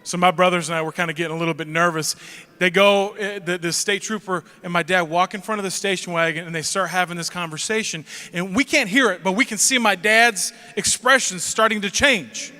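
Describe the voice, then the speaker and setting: A man telling a funny family story on stage, animated and jokey, acting out the scenes. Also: sits high, fairly quick, long reverb tail. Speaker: speaker at a school event.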